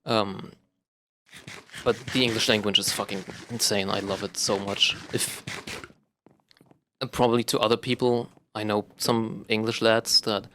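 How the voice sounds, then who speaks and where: A man's voice: fairly low pitch, flat delivery, measured pace, long pauses, pushed and bright, a little hiss or hum. Rambling young man. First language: German. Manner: rambling, profane, self-correcting, many ums. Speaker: vlogger. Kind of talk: casual monologue to camera.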